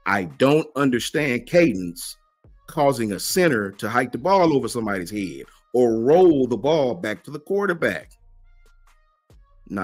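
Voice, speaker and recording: A man hosts a livestream and answers the chat, emphatic and slangy, firing off rhetorical questions. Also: mid-range voice. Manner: slangy, keeps asking "right?". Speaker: host of a college football fan channel.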